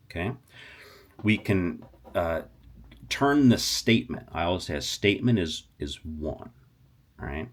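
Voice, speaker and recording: Really deep guy teaching spanish on camera, animated, keeps restarting lines. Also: a little slow, pauses often. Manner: animated, talks to viewers, stops and restarts a lot. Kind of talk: casual language lesson.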